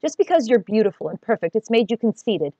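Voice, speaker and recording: A woman's voice: on the high side, big pitch swings, fast talker, dark tone, no room sound, highs cut off, voice pushed up. A woman voicing a haughty teenage girl who talks in an affected fancy tone to hide her hurt. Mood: stung. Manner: mock-fancy, wounded pride.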